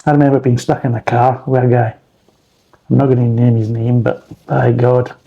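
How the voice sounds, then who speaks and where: A man's voice: medium pitch, level tone, moderate pace, creaky, lo-fi sound. A man reviewing beer in a rambling, blunt casual chat, swearing freely.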